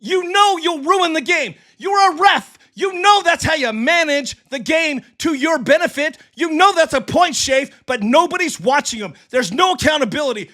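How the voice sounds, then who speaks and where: A middle-aged man hosts a live sports stream, furious and swearing as he rants and reads chat. His voice sits very high for a man, with a sharp, bright edge, and it has gone hoarse from yelling into the mic. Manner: heated, yelling, profane. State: losing his voice. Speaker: sports livestream host. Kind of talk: ranting live sports commentary, reading chat. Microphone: desk mic for a livestream.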